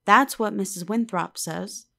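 A woman voicing a gentle, tender old village weaver who speaks slowly in a rustic way. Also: medium pitch, vocal fry. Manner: slow, soft and rustic.

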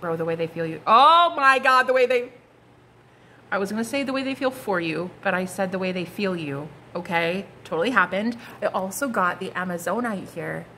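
Bubbly woman doing a chatty tarot reading, bright sharp voice, faint room hum behind. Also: on the low side, brisk, few pauses. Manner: gushing and chatty, full of slang. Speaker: tarot card reader. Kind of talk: casual tarot reading monologue.

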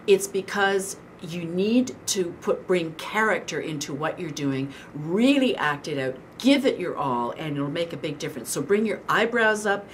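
A woman voice coach giving animated, encouraging instructional tips. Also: lowish voice, moderate pace, few pauses, a little hiss or hum.

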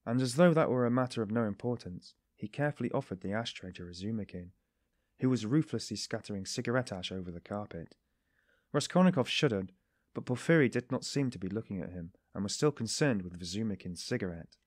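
A man reading a classic novel aloud as an audiobook narrator, in a steady, even manner. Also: on the low side, brisk, no room sound, studio quality. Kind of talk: scripted narration.

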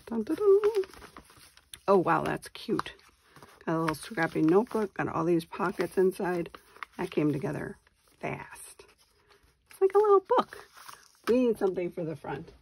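A woman in her forties from Wisconsin, USA, hosts a papercraft channel and chats casually through a tutorial, muttering to herself as she works. Her fairly low voice has a sing-song lilt and vocal fry at a normal speed, with long pauses. There's slight background noise.

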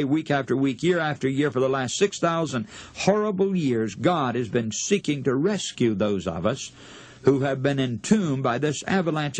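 A man preaching a radio sermon in an earnest, impassioned way, slowing down for dramatic pauses. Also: medium pitch, husky, no echo.

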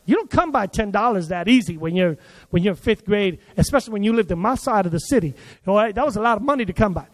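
A man preaching to his congregation with a very high-pitched voice. He tells his story in an animated way, acting out the voices of the people in it. The sound carries a long reverb from a large hall. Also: quick pace. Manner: animated, acts out quoted voices. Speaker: pastor. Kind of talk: sermon with storytelling. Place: church service.

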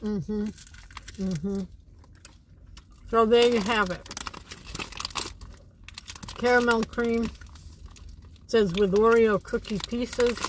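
A woman's voice: a little high, steady tone, a little hiss or hum, poor audio. A woman vlogger chatting casually while showing off a shopping haul. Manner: chatty, slow and deliberate when showing items.

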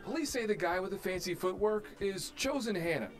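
Tv news guy reading a story, formal, pitch moves a lot, soft music behind. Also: animated. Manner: measured, formal reporting. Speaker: TV news reporter. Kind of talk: scripted news report.

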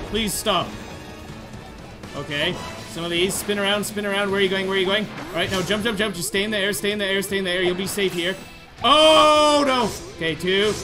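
A high-voiced man narrates his game as he plays, excitable and chatty. He taunts and pleads with the boss on screen, and game music plays clearly behind him. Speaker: gaming YouTuber. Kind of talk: let's play commentary.

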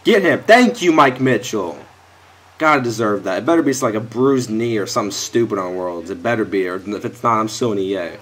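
A man's voice: fairly low pitch, a little fast, a bit bright. Frustrated young man swearing at a game. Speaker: gaming YouTuber. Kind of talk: live gameplay commentary. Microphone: headset or desk mic close to mouth.

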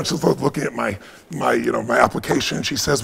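A man in his fifties telling an animated personal story at a live training, intense and hyped, laughing as he goes. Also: medium pitch, brisk, vocal fry, husky. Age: 50s. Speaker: guest speaker at a live online training.

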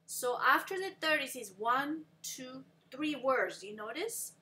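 A woman teaching a Spanish lesson, counting slowly and explaining patiently. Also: high voice, very animated, bright, forceful tone. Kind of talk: language lesson.

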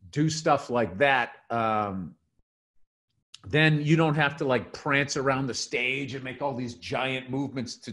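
A middle-aged man co-hosting a casual podcast, telling comedy stories with lots of swearing and acting out quotes. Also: medium pitch. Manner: animated storytelling, swearing, acts out quotes.

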